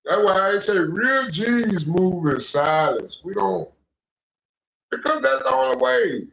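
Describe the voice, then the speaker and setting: A man's voice: on the high side, animated, slow pace, a bit bright, slight background noise. A young man hosting a casual call-in stream, talking in loose, profane, preachy rants. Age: young adult. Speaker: stream host. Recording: echoey, dull lo-fi room sound.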